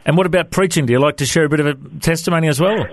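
A man's voice: fairly high pitch, rapid-fire, no room sound. Friendly Australian man hosting, dry sound. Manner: friendly, jokey, says "mate". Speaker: radio host. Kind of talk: interview hosting.

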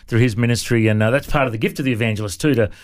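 A man's voice: mid-range voice, racing. Guy hosting a radio chat, mid voice, teasing, lots of uhs. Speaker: radio host. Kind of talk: casual radio interview.

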